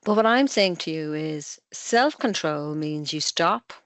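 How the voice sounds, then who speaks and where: A middle-aged Irish woman, a family psychotherapist, calmly explaining parenting ideas with analogies in an online webinar. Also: sits low, no room sound. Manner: calm, measured explaining with analogies.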